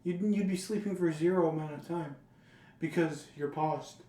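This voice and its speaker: A woman's voice: deep voice, normal speed, mellow, reverberant. A woman co-hosting a podcast in casual chat, asking questions and testing the logic of each point. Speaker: podcast co-host.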